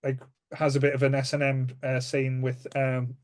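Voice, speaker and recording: A man with a Northern English accent rambles through film scenes in casual podcast chat, dropping fillers and jokes as he goes. His voice sits at an ordinary middle pitch. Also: monotone, normal speed, darkish tone. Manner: rambling, jokey, full of fillers. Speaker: podcast co-host.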